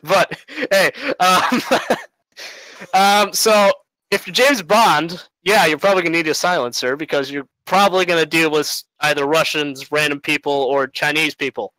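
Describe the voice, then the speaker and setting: A man's voice: on the high side, moderate pace, pushed and bright, no echo, rough recording. A man giving a rambling, casual debate argument, full of fillers and little laughs.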